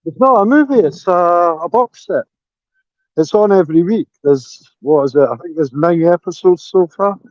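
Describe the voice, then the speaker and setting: A man's voice: high voice, expressive, moderate pace, a little mellow, no echo, muffled recording. A man with an Edinburgh Scottish accent chatting casually on an online voice call through headphones, swearing now and then. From Scotland. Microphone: new headphones, holding phone.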